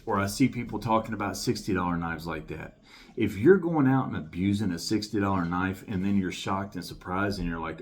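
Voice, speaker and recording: Emphatic, low-voiced man reviewing a knife. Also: expressive, fairly quick, a little mellow. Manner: emphatic, enthusiastic, repeats himself. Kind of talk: casual product review to camera.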